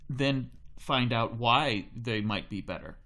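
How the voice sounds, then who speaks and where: A man's voice: mid-range voice, takes it slowly, sharp tone. A stern lecturing dad, as a man puts him on. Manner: lecturing and firm. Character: stern middle-aged dad.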